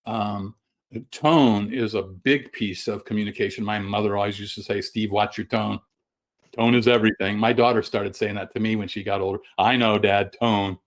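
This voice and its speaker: A middle-aged man presenting a webinar over a video call, folksy and halting, with many fillers and restarts. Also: fairly low pitch, steady tone. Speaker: guest sales trainer.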